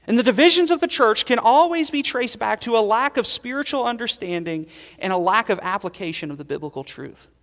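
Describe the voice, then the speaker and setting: Gravelly high-voiced preacher in a reverberant hall. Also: male voice, expressive, fairly quick. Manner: earnest preaching, rising and dropping to quiet emphasis. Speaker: pastor. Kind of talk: sermon.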